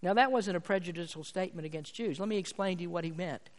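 A man's voice: high voice, quick pace. Male pastor preaching, emphatic with fervent swells; long church-hall reverb on the voice. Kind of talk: sermon. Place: church sanctuary.

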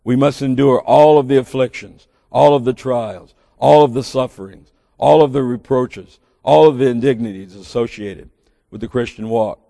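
Southern drawl preacher guy, gravelly voice, long church reverb behind him. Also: mid-range voice, normal speed, mellow, clean studio sound. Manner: earnest, building to emphatic bursts with folksy asides. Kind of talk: sermon.

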